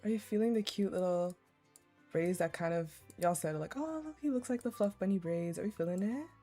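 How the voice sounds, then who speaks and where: Lively chatty woman streaming a game. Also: fairly low pitch, normal speed, faint music behind. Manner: chatty, excitable, giggly, reads game text aloud. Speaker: gaming streamer. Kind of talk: live game playthrough commentary.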